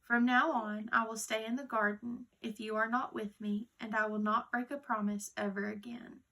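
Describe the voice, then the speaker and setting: A woman voicing an excited little girl in a read-aloud storybook, with eager exclamations. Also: on the high side, normal speed, distant mic, low-quality recording. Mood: apologetic.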